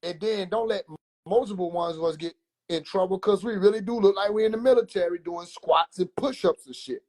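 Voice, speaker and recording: A man livestreaming from his phone, casually telling animated, profane childhood stories and laughing between lines. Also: sits high, fairly quick. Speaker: comedian livestreamer. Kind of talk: casual comedic storytelling.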